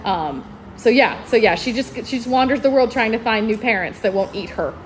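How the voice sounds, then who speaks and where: A woman's voice: on the high side, expressive, a little fast, faint music behind. A woman librarian giving enthusiastic book recommendations at a convention panel, laughing often as she talks. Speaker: librarian presenting book picks.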